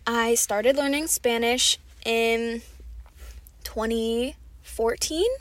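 Slow-talking young American woman host. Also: on the high side, no room sound. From United States. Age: 20s. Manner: chatty and self-deprecating, with soft asides. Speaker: podcast host. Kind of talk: slow, clear podcast talk for learners.

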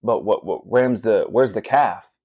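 A man's voice: lowish voice, unhurried, darkish tone, husky, dry recording, clean studio sound. A man voicing a young boy, Isaac, who asks hesitant, stumbling questions as he retells a story in a sermon. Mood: confused.

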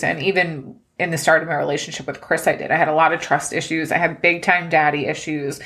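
This thirtysomething woman hosts a personal podcast with life updates, speaking earnestly, emotionally, sometimes near tears. Her low-sitting voice is fairly bright and a little fast.

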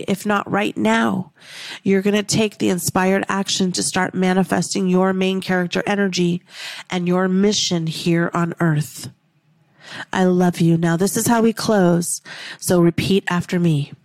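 A woman's voice: mid-range voice, flat delivery, unhurried, darkish tone, no echo. A woman hosting a manifestation podcast, speaking in an emphatic, repetitive, heartfelt way and swearing casually. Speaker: podcast host, manifestation coach. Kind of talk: motivational podcast talk.

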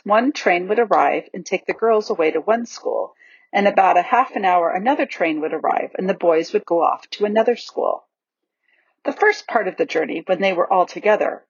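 A woman narrating a children's storybook aloud with an expressive, varied delivery, on a dull lo-fi recording. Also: lowish voice, breathy edge, no room sound. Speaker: audiobook reader.

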